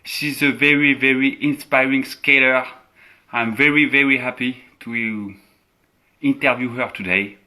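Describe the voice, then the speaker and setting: A man with a French accent, a native French speaker, hosting a live online interview over a video call, halting and repeating his words. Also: medium pitch, fairly even intonation, bright, forceful tone. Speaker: host.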